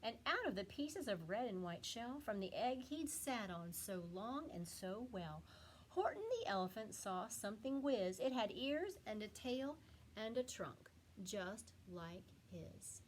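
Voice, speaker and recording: A woman teacher reading a rhyming picture book aloud to children with expressive, animated storytelling. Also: medium pitch, a little slow, slight background noise.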